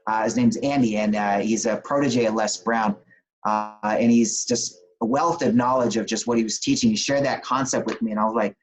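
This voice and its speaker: A man as an interview guest, telling a motivational story in an animated, plain-spoken way with quick restarts. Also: lowish voice, rough recording. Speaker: interview guest, business coach.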